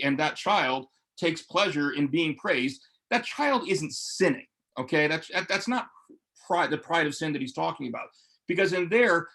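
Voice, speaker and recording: Earnest gravelly man leading a Bible study. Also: fairly high pitch, a bit bright. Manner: earnest, emotional, with many restarts. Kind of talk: casual online Bible study teaching. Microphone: webcam or computer mic for live stream.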